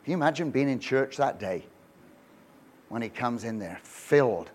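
Animated and at a moderate pace, this medium-pitched man preaches a lighthearted sermon against slight background noise. The pastor tells stories, cracks jokes, poses rhetorical questions and often restarts.

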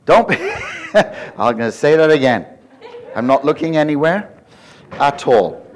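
A man preaching a conversational sermon in a church, joking and animated, with self-deprecating asides. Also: a little high, moderate pace. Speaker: pastor.

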